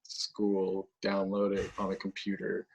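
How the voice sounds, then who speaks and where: Loose, laughing man with low voice. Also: monotone, measured pace. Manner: loose, filler-heavy, laughs often. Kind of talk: casual chat.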